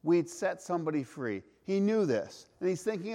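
A man preaches a sermon in a high voice for a man. He is earnest and emphatic, stretching key words slowly and asking the listener question after question. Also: sing-song, dark tone. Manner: earnest, emphatic, varies pace, rhetorical questions. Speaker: pastor.

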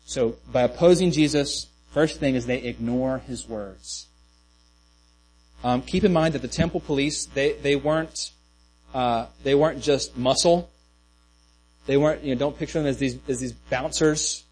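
A man's voice: on the high side, darkish tone, slight background noise, rough recording. A man preaching a sermon in a loose, conversational way, with many restarts and asides. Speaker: pastor.

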